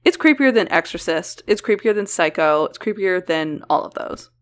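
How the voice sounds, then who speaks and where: A woman's voice: on the low side, animated, normal speed. A woman co-hosting a podcast, chatting casually and animatedly, often laughing. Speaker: podcast co-host. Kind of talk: casual chat.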